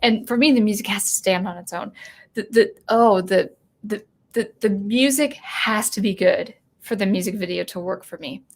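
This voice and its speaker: A woman's voice: mid-range voice, normal speed. A woman hosting a live stream about music, talking casually and rambling with many restarts while reading out viewer comments. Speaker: music channel host.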